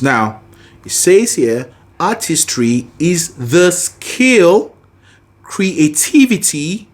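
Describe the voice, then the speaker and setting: Singing coach, animated and encouraging, slow unhurried delivery, voice rising and falling a lot. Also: medium pitch. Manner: animated, encouraging, sings example phrases. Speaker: singing teacher. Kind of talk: vocal lesson with sung demonstrations.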